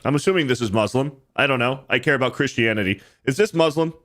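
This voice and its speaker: A man's voice: medium pitch, fast talker, a bit bright. A man hosting a podcast in casual chat, talking bluntly and crudely with plenty of swearing. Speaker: podcast host.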